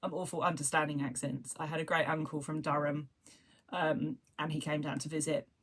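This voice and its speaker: Chatty southern English woman, lowish voice. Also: flat delivery, a little fast, slight background noise. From southern England. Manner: chatty, rambling, self-described waffler. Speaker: crochet livestream host. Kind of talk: casual chat.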